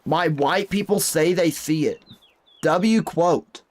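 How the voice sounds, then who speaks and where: A man's voice: on the high side, takes it slowly. A young man streaming a hunting game, chatting casually and reading viewer messages aloud with folksy exclamations. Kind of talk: casual live-stream commentary.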